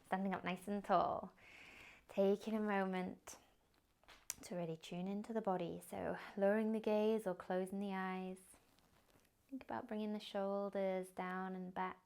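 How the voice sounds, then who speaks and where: A young woman teaching a yoga class, giving calm, gently encouraging cues. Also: mid-range voice, unhurried, smooth. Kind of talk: guided yoga instruction.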